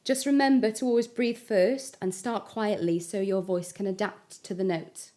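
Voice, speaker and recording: A woman giving a singing lesson, explaining vowel shapes step by step and demonstrating high notes. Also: fairly even intonation, moderate pace, mellow. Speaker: singing teacher. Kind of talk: vocal lesson with sung examples.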